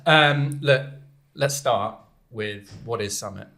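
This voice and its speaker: A man's voice: medium pitch, slow pace, pushed and bright. A man hosting a casual podcast chat in a studio, talking in a rambling way with many fillers and restarts. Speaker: podcast host. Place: recording studio on the island of Jersey.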